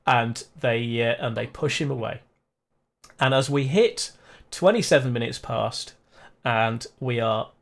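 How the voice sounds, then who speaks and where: A man running a tabletop role-play game as game master, talking casually with many fillers and restarts. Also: mid-range voice.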